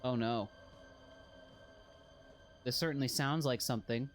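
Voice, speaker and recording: A man's voice: medium pitch, measured pace, faint music behind. A man casually chatting while streaming a video game, rambling and joking at his own expense. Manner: rambling, self-deprecating, jokey. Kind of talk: casual gameplay chat.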